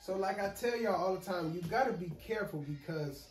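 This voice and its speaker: A man's voice: fairly quick, faint music behind. A man running his dog-breeding vlog, talking loosely to viewers and filling his talk with "y'all" and "man", overwhelmed and frustrated. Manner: loose, repeats "y'all" and "man", trails off low when upset. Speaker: dog breeder and channel host.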